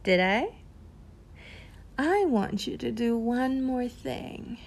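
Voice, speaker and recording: Slow, teasing woman. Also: fairly high pitch, expressive, vocal fry. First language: Russian. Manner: teasing, playful, giggly. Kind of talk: flirty audio role-play.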